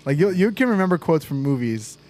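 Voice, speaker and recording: A man's voice: fairly high pitch, sing-song, brisk, darkish tone. Casual male podcast host. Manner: reads viewer comments, loose and joking. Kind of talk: casual chat.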